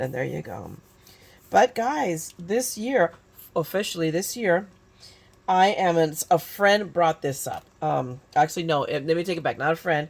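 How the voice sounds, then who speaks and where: A woman's voice: fairly low pitch, gravelly. A woman in her fifties from California, chatting through a crafting tutorial with lots of restarts and self-mocking asides. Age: 50s. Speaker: crafting YouTuber. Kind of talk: casual crafting tutorial chat.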